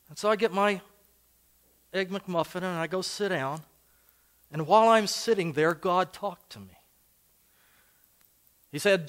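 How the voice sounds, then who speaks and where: An older pastor with a high-sitting, slightly bright voice preaches a sermon at a measured pace, pausing often. He tells personal stories in a conversational, anecdotal way, making it a storytelling sermon.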